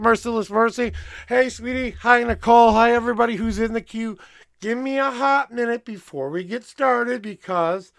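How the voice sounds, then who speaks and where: Loud, joking man hosting a livestream. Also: sits high, gravelly, no room sound. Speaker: livestream tarot reader host. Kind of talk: casual livestream chat. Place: home room with door.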